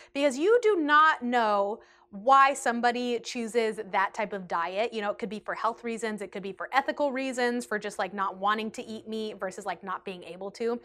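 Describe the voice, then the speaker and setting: Chatty young woman telling a storytime vlog. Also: a little high. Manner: chatty and animated, heavy use of like. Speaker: vlogger. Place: indoors, seated in a rotating chair.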